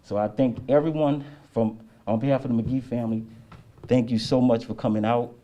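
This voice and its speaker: A man, the son of the honoree, giving an emotional, halting tribute speech at an outdoor street ceremony, with many fillers and restarts. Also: mid-range voice, fairly even intonation, dark tone, lo-fi sound.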